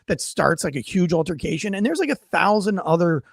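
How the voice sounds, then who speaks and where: Casting: animated cop co-host, high voice, big swings, dry close sound. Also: male voice, brisk, gravelly, husky, dry recording. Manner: animated, acts out voices in stories, swears freely. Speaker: podcast co-host, police officer. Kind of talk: casual chat.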